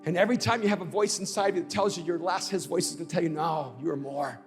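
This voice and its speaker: A middle-aged male pastor preaching a conference sermon, moving from storytelling to shouted, emphatic peaks. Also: high voice, steady tone, racing, long reverb tail, faint music behind. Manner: builds from conversational storytelling to shouted crescendos.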